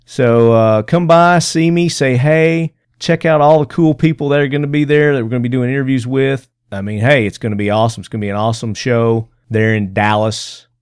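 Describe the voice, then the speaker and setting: A man's voice: mid-range voice, steady tone, fairly quick, hardly any pauses, smooth, dry recording, clean studio sound. A man hosting a podcast, talking loosely and jokily with lots of fillers, recording at a busy convention booth. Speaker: podcast host. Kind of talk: casual podcast chat. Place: convention booth on a show floor.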